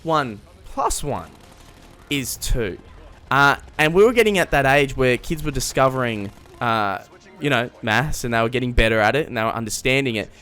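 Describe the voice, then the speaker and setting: Guy in his twenties, self-mocking, rambles and chuckles through his story, average pitch. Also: expressive, moderate pace, sharp tone. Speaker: vlogger. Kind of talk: casual comedic storytelling.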